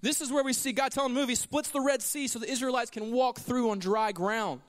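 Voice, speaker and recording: A man's voice: very high-pitched, fairly even intonation, quick pace, in a large hall. A man preaching a sermon as pastor, telling stories with animation and acting out the lines he quotes. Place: church sanctuary.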